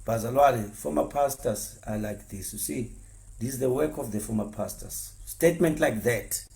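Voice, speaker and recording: Ex-pastor guy, gravelly and mellow, talks earnest and keeps repeating himself. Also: medium pitch, normal speed. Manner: earnest, repetitive, stammers on words when heated. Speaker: former pastor. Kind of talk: impassioned spoken address.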